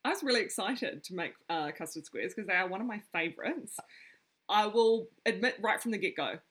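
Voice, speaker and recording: A woman's voice: mid-range voice, expressive, fairly quick, fairly bright tone. A woman co-hosting a casual chat, giggly and candid. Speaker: podcast co-host.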